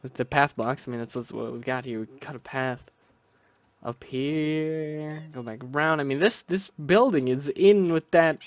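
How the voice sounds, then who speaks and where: This gaming video creator, a young man, talks to himself while he plays, thinking out loud in a loose, rambling way full of restarts and side comments. He speaks unhurriedly in a fairly high voice, and there's no echo.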